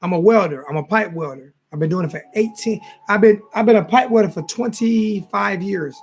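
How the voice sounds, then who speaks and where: Faint music plays behind this sports talk show host, a man in his forties with a high-pitched, slightly rough voice and vocal fry. Talking a little fast to his chat on a casual late-night livestream, he's tired and rambles, repeating himself.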